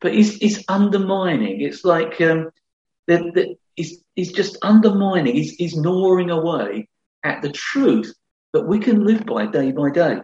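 Middle-aged man, earnest conversational sermon, fairly high voice, echoey church hall, slightly dull sound. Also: animated, normal speed, a little mellow. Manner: earnest, conversational, with repeated restarts. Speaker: pastor.

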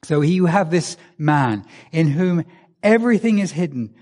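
A man's voice: fairly high pitch, expressive, normal speed, a little mellow. A man from England, preaching a conversational sermon and asking his listeners many rhetorical questions. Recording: long reverb of a large hall.

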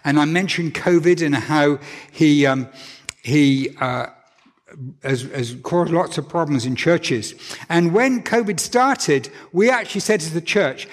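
A man's voice: a little high, unhurried, in a large hall. A male pastor giving an earnest, conversational sermon in a church, often restarting his sentences. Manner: earnest, animated, with frequent restarts.

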